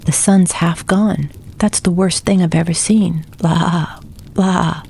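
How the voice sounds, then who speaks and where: A woman's voice: on the low side, fairly even intonation, slow pace, gravelly, warm tone, a little hiss or hum. A woman voicing a careless, grass-loving goat in a storybook, talking breezily. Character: careless goat munching grass, then frightened.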